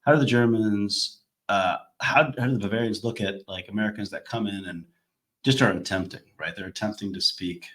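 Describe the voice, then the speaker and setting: A man hosting a podcast, telling stories in an animated way and acting out what people said, with frequent laughs. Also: on the low side, brisk. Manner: animated storyteller, acts out quotes, laughs often. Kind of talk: casual podcast conversation.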